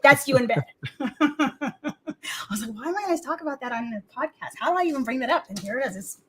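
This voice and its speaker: A woman's voice: sits high, expressive, fast talker, a crowd in the background. A woman co-host telling rambling, profane stories on a comedy talk show, acting out the other people in them. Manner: profane, rambling, acts out quotes.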